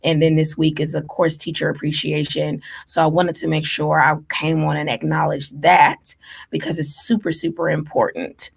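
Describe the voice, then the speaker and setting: Lady on a live stream, low gravelly voice, slow and earnest, lots of ums. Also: level tone. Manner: earnest, listing thanks in long runs with many ums. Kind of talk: heartfelt live-stream address.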